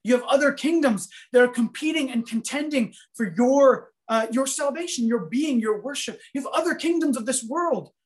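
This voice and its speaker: A man giving a sermon, telling a story in an animated, conversational way full of fillers. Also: extremely high pitch, normal speed, hardly any pauses. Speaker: preacher.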